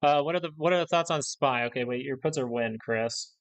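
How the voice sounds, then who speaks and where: A man's voice: mid-range voice, a little fast. A young man hosting a live stock market stream, ranting bluntly and repeating points for emphasis. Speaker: stock market livestream host.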